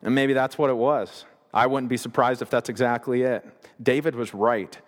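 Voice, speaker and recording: A man's voice: medium pitch, steady tone, moderate pace. A man preaching a sermon, retelling scripture in a conversational way with paraphrased asides. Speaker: pastor. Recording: long reverb of a large hall.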